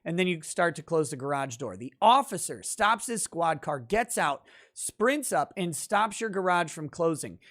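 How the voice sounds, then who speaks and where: A man's voice: sits high, a bit bright. A man who is a lawyer and legal commentator, giving conversational, emphatic commentary on a court ruling and thinking aloud as he reads it. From central Minnesota, United States.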